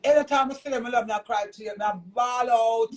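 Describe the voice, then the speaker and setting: A man's voice: very high voice, a little fast, low-quality recording. A man with a Jamaican accent delivering a heated, cursing, repetitive rant in a vlog. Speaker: vlogger.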